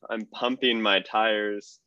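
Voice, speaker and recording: Man, low voice, dry close sound, muffled lo-fi, chatty cyclist guest. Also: slow, clear, resonant tone, dry recording. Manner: relaxed, laughs through stories, many fillers. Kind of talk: casual storytelling chat.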